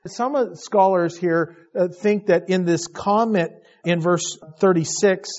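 A man's voice: high voice, a little slow, darkish tone. A man preaching an expository sermon, reading scripture aloud and retelling it in a conversational way, building emphasis as he goes. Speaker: Bible teacher. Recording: dull lo-fi recording.

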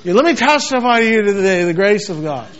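A male preacher delivers a fervent sermon in a strikingly high voice. He repeats words for emphasis and slips into acted voices for scripture. The recording sounds dull and lo-fi. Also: very animated, fairly quick, a bit bright. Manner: passionate, repetitive, quotes scripture in acted voices.

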